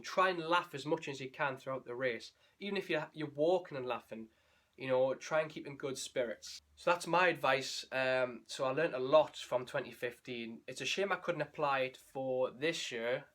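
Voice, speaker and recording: A man's voice: mid-range voice, fairly bright tone. A young man, a running vlogger telling his race story in a candid, emotional, rambling way with restarts. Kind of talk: candid spoken race recap.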